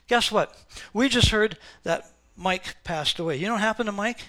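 A man with a strikingly high, bright voice preaches with fervor. He drops low and quiet, then climbs back up to ringing, shouted calls to his congregation. His delivery has the rhythm of a pastor working a live room. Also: moderate pace, few pauses. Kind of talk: sermon.

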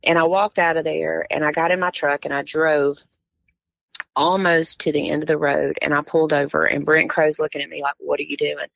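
A woman's voice: low voice, level tone, normal speed, vocal fry, a bit bright, no echo. A woman tournament director, a guest on a podcast, telling a story in casual conversation and acting out what others said.

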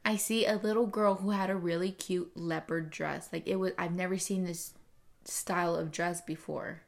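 A young woman co-hosting a casual podcast, chatting in an animated way and putting on voices when she quotes people. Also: fairly low pitch, normal speed, vocal fry. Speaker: podcast co-host. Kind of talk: casual chat.

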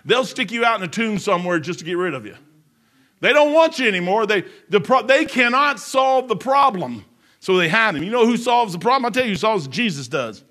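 A man preaching a sermon in a folksy, emphatic way, swinging between loud outbursts and hushed low passages. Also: sing-song, brisk.

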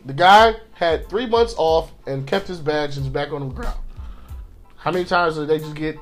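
High-pitched man, heated podcast co-host, talks fast and swears, faint music behind. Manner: impassioned, acts out quotes of police and victims; profane, repeats words when restarting. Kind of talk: casual discussion.

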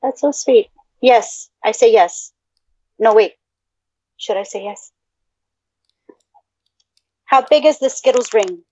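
A woman's voice: fairly high pitch, takes it slowly, pauses often, warm tone, husky, no room sound. A woman co-hosting a podcast in casual chat, swearing freely and laughing often. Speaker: podcast co-host. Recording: dull lo-fi audio.

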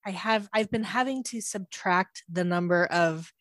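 Relaxed woman podcast co-host, dry sound. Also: lowish voice, unhurried, no echo. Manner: relaxed, hesitant, restarts often. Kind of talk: casual chat.

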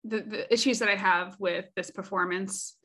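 A woman co-hosting a casual podcast, talking things through in a thoughtful, conversational way. She likes to read critics' quotes aloud before she gives her own opinion, and her pitch sits right in the middle. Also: fairly even intonation, normal speed, sharp tone. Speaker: podcast co-host.

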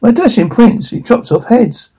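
Guy doing a squeaky shocked cinderella voice, high and breathy. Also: expressive, moderate pace, dark tone, heavily acted. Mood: aghast. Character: shocked young woman, Cinderella.

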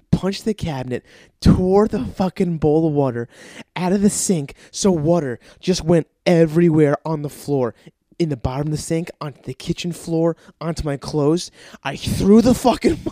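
A young man telling a comic story with lots of swearing, acting out other voices and swinging from loud rants to low mutters. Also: no room sound.

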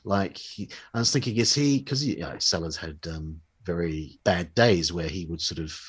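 A man's voice: sits low, normal speed, husky. A man co-hosting a podcast, talking casually and hesitantly about a documentary. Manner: hesitant, full of fillers and restarts. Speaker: podcast co-host. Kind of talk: casual chat reviewing a documentary.

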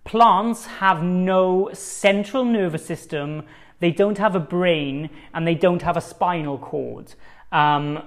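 A man's voice: high-pitched, takes it slowly. A man hosting a solo podcast, talking casually into his own microphone in a rambling, conversational way with lots of fillers. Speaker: podcast host.

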